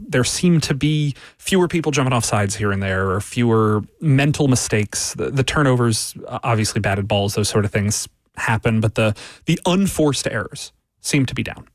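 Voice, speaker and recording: A man talking football on sports radio as a writer, laying out his argument with repeated phrases and quick asides. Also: medium pitch, no echo.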